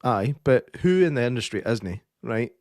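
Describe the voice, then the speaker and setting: A Scottish man rants and tells stories on a film-review podcast, swearing freely in casual talk. His voice sits at a middle pitch. The sound is dry and close, with no room echo. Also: lively intonation, moderate pace, a little mellow. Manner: sweary, ranting storyteller. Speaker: podcast co-host. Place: studio.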